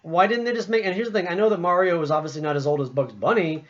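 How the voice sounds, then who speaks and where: A man's voice: high-pitched, rapid-fire. A man giving a casual opinion monologue about a video game, rambling with frequent restarts and fillers. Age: adult. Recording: muffled lo-fi recording.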